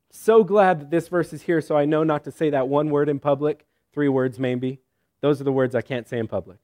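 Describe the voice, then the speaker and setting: A man preaching a sermon in a conversational style, with joking asides and lively storytelling. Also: fairly high pitch. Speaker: pastor.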